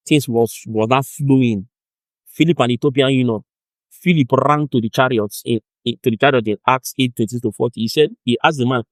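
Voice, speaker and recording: A man's voice: medium pitch, a little fast, dry recording. A young Nigerian man giving an informal teaching on discipleship, acting out chats in pidgin. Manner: animated, acts out chats in pidgin and laughs.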